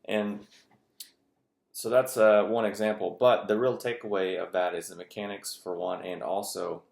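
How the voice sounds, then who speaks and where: A man's voice: lowish voice, flat delivery, moderate pace, vocal fry. A man talking in a casual, rambling monologue with lots of fillers. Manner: rambling, filler-heavy, conversational. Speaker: video host. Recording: echoey room.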